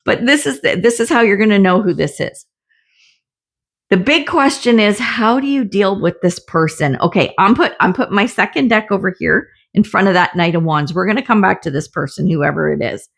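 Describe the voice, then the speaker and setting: A woman's voice: medium pitch, lively intonation, moderate pace, vocal fry. A middle-aged woman giving a casual tarot reading, chatty and often laughing, with the odd swear word. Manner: chatty, laughing, swears, acts out little voices. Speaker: tarot reader.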